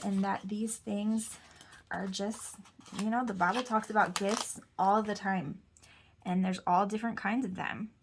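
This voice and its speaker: A woman's voice: a little high, fairly bright tone. A woman in her thirties telling a personal story in a casual, chatty, self-deprecating way, often quoting herself and others. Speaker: host.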